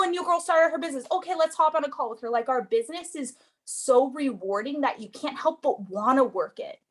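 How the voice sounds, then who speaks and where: A woman's voice: sits high, fairly bright tone. A young woman giving an earnest, rambling motivational talk on a group call, full of fillers. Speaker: network marketing seller.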